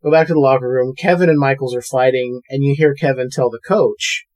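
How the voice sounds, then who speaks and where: A man co-hosting a podcast, casually recapping a film scene by scene and acting out characters' lines in quick put-on voices. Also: medium pitch. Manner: retells scenes with animated quoted voices. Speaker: podcast co-host. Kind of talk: casual movie recap chat.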